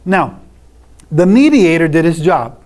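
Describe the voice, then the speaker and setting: A man with a slightly high, sing-song voice and a darkish tone teaches a church doctrine class at a measured pace. He keeps it conversational, posing rhetorical questions to his listeners and then answering them himself.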